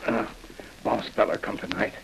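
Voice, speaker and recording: An actor playing a loyal, terse frontier companion in a vintage radio drama, speaking in clipped broken English. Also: male voice, normal speed, natural voice. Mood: urgent. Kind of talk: 1940s radio acting. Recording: hissy lo-fi vintage radio recording.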